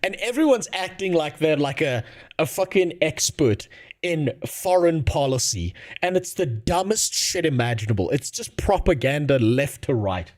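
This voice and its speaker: A man's voice: fairly high pitch, animated, moderate pace, darkish tone. A man ranting sarcastically and with a lot of swearing while streaming. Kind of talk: casual live-stream commentary.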